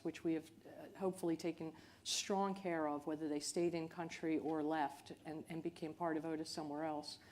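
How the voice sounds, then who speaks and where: A woman speaking as a company chief executive on a panel, in a measured, earnest way. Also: fairly low pitch, dark tone. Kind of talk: panel discussion.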